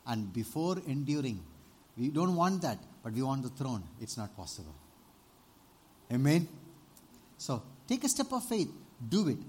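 Husky, animated preacher. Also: male voice, medium pitch. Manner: animated preaching, rising to loud exclamations, asks the congregation for amens. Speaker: pastor. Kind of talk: sermon.

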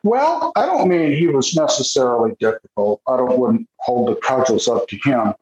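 A man telling stories from his interviews in a casual chat, lively and quick to act out what people said. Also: reverberant, low-quality recording. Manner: animated, jumps into high voices when quoting people. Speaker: author recounting interviews with golfers.

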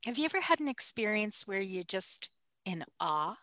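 A woman conducts an interview with an eager, enthusiastic manner and ready laughter. Her voice is bright and forward. The recording is dry, with no room sound around her. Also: medium pitch, sing-song, moderate pace, dry recording.

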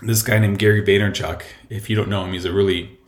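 A man's voice: on the low side, fairly even intonation, quick pace, reverberant. A man hosting a podcast from home, talking casually and rambling with lots of fillers and restarts. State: a bit out of breath. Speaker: podcast host. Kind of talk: casual solo podcast talk. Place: home room.

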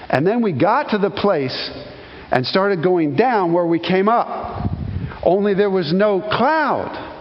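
A male pastor preaches in a voice pitched a little high for a man, animated in his storytelling and hushed when he prays. His sermon rings with a long reverb through a hall. The recording sounds somewhat dull, with faint noise underneath. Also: takes it slowly. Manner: animated storytelling, exclaims loudly, then hushed prayer.

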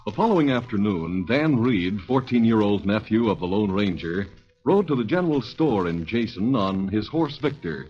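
A man narrating a 1940s radio drama in a measured, even storytelling voice. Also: fairly low pitch, faint music behind. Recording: old lo-fi radio recording.

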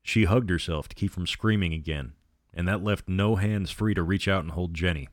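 Low-voiced guy reading a spooky story, dry close sound, does all the voices himself. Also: normal speed, no room sound. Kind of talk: scripted narration of a horror novel.

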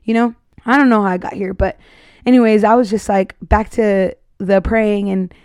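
A young woman in her twenties speaks her testimony in a loose, heartfelt ramble, full of fillers. Her voice is mellow and relaxed, and the recording is close and dry. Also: mid-range voice, normal speed, smooth, dry recording. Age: 20s. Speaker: podcast host. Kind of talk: casual faith testimony.

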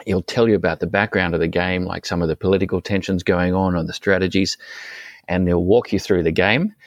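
Very deep-voiced man in casual chat. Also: fairly even intonation, a little fast, no echo. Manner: thoughtful, rambling with many ums and uhs. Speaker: podcast co-host.

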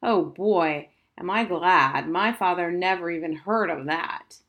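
Earnest young schoolboy, eager and cheerful, voiced by a woman narrator; fairly low voice. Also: measured pace, a bit bright, muffled recording. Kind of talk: audiobook character voice.

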